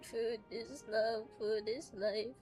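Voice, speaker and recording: A woman's voice: fairly high pitch, fairly even intonation, slow pace, a little mellow, soft background music. A woman streamer chatting casually and tearfully thanking viewers, laughing often. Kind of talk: casual live-stream chat.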